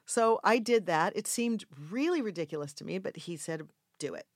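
An older woman telling a casual anecdote in an interview, acting out the quoted voices with sudden loud, high outbursts. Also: moderate pace, no room sound, clean studio sound. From Mexico. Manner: animated storyteller acting out quoted lines with big jumps in pitch and volume. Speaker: actress guest telling a story.

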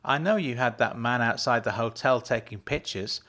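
A man's voice: medium pitch, moderate pace, pushed and bright, lightly acted. A man reading a story aloud, voicing a young woman who protests and pleads that nothing improper happened. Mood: pleading.

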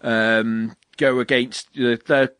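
A man co-hosting a podcast, rambling through an animated retelling in casual chat. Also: medium pitch, slow, clean tone, dry recording. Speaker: podcast co-host. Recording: dry close mic.

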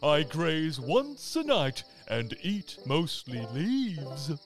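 A big, gentle hippo talks slowly in a children's story, voiced by a man. The voice rises and falls in a sing-song way. Soft music plays underneath. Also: a little high, very animated, heavily acted.

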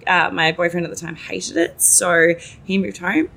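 A woman with a fairly low voice telling a long personal story in a relaxed chat. She fills her speech with "like" and swears casually. She acts out the lines of everyone in the story in lively voices. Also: normal speed, vocal fry. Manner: animated, quotes herself and others in lively voices. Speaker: guest.

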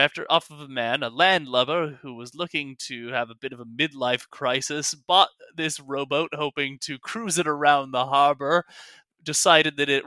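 Man playing a slick, coaxing merchant with a bright, raised voice, dry close sound. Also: mid-range voice, no room sound, natural voice. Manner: coaxing, salesman-like. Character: smooth-talking male merchant patron, persuasive.

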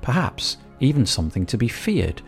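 Reflective man narrating over soft music. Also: mid-range voice, big pitch swings, creaky. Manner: reflective and measured. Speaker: podcast host. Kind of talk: scripted narration.

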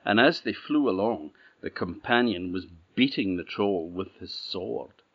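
Slow-spoken Orkney storyteller, low voice. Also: male voice. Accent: Orkney Scots. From Orkney, Scotland. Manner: unhurried, plain-spoken, relaxed. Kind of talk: oral folktale telling. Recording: dull, slightly muffled audio.

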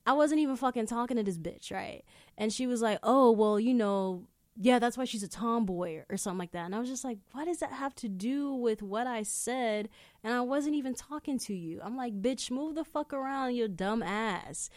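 A young adult woman hosting a podcast, telling stories in casual chat, animated and swearing freely. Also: fairly high pitch, fairly quick, no room sound, clean studio sound. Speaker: podcast host. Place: indoor room.

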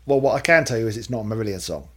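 A man's voice: fairly low pitch, expressive, rapid-fire, fairly bright tone, husky. A man co-hosting a casual podcast, chatting in a rambling way with fillers and restarts. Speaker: podcast co-host.

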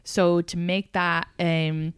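A young woman hosting a comedy podcast, with a smooth, resonant voice recorded close and dry. She chats casually and tells anecdotes, acting out quoted exchanges with other people. She laughs easily between lines. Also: fairly low pitch, level tone, takes it slowly, dry recording. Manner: chatty storyteller, acts out quoted exchanges, laughs often. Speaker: podcast host, stand-up comedian. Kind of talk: casual chat.

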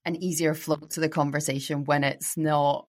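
A woman from Scotland with a Scottish accent, a guest speaking in a thoughtful, measured way in a casual interview. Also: low voice, little pitch movement. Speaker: podcast guest.

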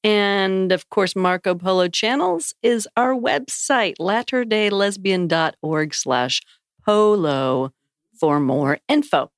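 A woman co-hosting a podcast in casual chat, easygoing and quick to laugh. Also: medium pitch, lively intonation, dry recording, clean studio sound. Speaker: podcast co-host.

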